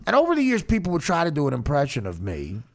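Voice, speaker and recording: A man's voice: fairly high pitch, wildly swooping pitch, fast, vocal fry. A man hosting a podcast, telling a long story in a rambling, self-mocking way full of stammered restarts. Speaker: podcast host. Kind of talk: casual storytelling chat.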